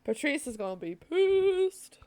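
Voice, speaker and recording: A woman's voice: sits high, big pitch swings, unhurried, mellow, a little hiss or hum. A woman streaming a story game, thinking aloud in a casual, self-mocking way as she chats between lines. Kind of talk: casual live-stream commentary.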